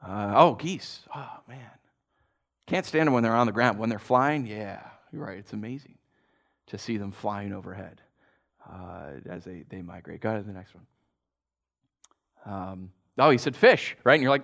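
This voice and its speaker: A man's voice: lowish voice, normal speed, creaky, a bit bright. A man, a pastor, giving a casual, conversational sermon to a congregation. He chuckles often and keeps checking in with "right?".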